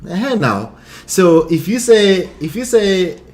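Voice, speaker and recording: A man with a Nigerian accent hosting a casual chat as a relationship coach, animated and full of teasing questions. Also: sits high, slow.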